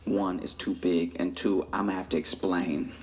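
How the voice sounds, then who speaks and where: A man's voice: low-pitched, steady tone, normal speed, a little mellow. A stand-up comedian, a man, telling a story in a conversational way and briefly acting out other people's voices. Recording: reverberant stage audio with faint noise.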